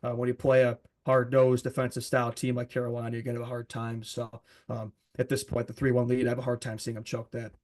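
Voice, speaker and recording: A man's voice: medium pitch, completely flat delivery, fast, hardly any pauses, a little mellow. A man co-hosting a casual sports talk show, chatty and laughing often, with many fillers. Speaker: co-host.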